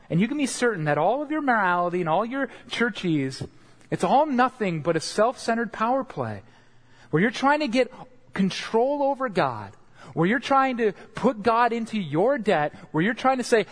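A man preaching a sermon, earnest and direct, often checking in with the congregation with a quick "right?". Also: sits high, very animated. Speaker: pastor.

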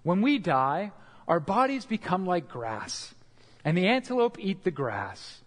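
A man's voice: high-pitched, very animated, unhurried, exaggerated voice. A man voicing a wise, fatherly lion king patiently teaching his cub. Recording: long hall reverb.

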